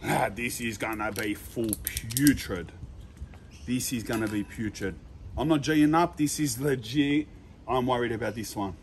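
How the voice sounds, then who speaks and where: A young man vlogging a food challenge in a loud, slangy way, full of exaggerated disgust. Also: mid-range voice, measured pace, slight background noise. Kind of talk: casual vlog.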